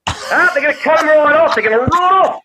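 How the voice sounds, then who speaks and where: A man voicing a breezy, cheerful Australian doctor in a high, bouncy, singsong way. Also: animated, quick pace, background noise. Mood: cheerfully blunt. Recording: tinny narrow-band sound.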